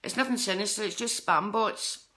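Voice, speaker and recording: A middle-aged Scottish woman talks with a bright, forward tone as she chats live with her viewers. She rambles and hops from one thing to the next, her pitch sitting in the middle. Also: normal speed. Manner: chatty, rambling, jumps between topics. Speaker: psychic medium. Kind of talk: live-streamed chat with viewers.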